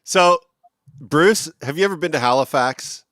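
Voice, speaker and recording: A man hosting a casual podcast, joking and animated as he talks with his guests. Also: fairly high pitch, dry recording, clean studio sound. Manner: joking, animated, quick to laugh. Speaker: podcast host.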